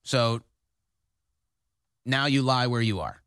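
A man's voice: medium pitch, slow, fairly bright tone, clear, resonant tone, no echo, clean studio sound. A man hosting a political talk show, delivering emphatic, combative commentary.

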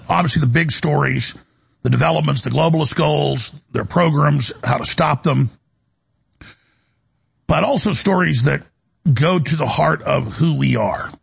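A man hosting a talk radio show, delivering a rambling, indignant monologue full of restarts. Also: a little high. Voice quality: gravelly, raspy.

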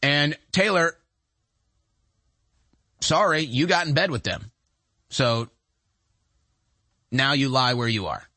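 A man's voice: mid-range voice, slow pace, pauses often, bright, forceful tone, no room sound. A man hosting a talk show, giving emphatic, sarcastic political commentary.

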